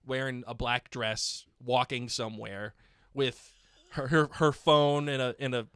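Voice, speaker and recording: A man's voice: medium pitch, a little slow, smooth, dry recording. A man co-hosting a podcast in a studio, chatting casually, joking and reading listener emails aloud. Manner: animated, joking, playful impressions. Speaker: podcast co-host.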